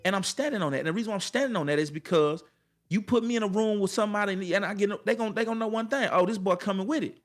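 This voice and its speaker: A man's voice: high-pitched, very fast, soft background music. A man giving an emphatic, colloquial motivational talk to the camera, repeating his lines in a preacher-like cadence and speaking straight to his viewers. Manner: colloquial, addresses viewers directly.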